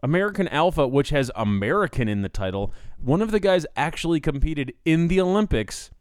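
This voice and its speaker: A man chatting casually as a podcast co-host, sarcastic and lively, often breaking into laughter. His voice is smooth and resonant. The recording is close and dry, with no room sound. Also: a little high, a little fast, no echo. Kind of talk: casual chat.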